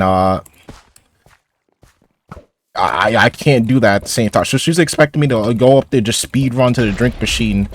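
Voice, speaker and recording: Deep-voiced rambling teen gamer. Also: male voice, a little hiss or hum. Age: teens. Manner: rambling, stumbling, sarcastic asides. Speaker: gaming YouTuber. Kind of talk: casual commentary over gameplay.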